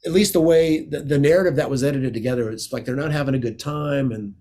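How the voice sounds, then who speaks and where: A man's voice: medium pitch, fast talker, warm tone. A man from the United States, a guest guitarist, chatting casually in an interview as an enthusiastic, rambling storyteller.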